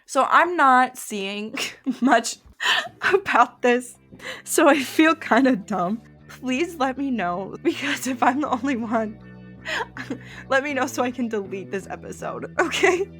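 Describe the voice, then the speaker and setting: A woman's voice: high voice, animated, slow, fairly bright tone, faint music behind. Young woman host for a chatty solo podcast, rambling and self-interrupting, with light keyboard typing in the background. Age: young adult. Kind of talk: casual solo podcast, googling and reacting.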